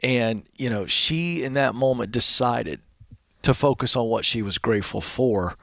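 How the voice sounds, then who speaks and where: A man's voice: medium pitch, a little slow, creaky, fairly bright tone, dry recording, studio quality. A man co-hosting a radio talk show, speaking in an earnest, affirming way. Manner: earnest, affirming, telling an anecdote. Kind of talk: casual on-air talk.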